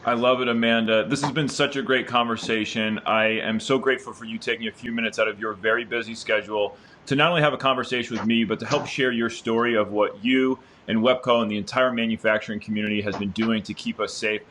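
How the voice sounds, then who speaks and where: A man's voice: medium pitch, fairly even intonation, fast talker, few pauses, fairly bright tone, a little hiss or hum. A man hosting an interview over a video call, upbeat and encouraging, with frequent fillers. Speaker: interviewer and host.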